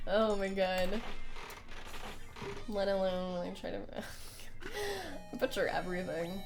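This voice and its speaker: Slow-talking, giggly young woman streamer. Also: mid-range voice, fairly even intonation, soft background music. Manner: chatty and giggly, greeting viewers between laughs. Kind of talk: casual live-stream chat during a game playthrough.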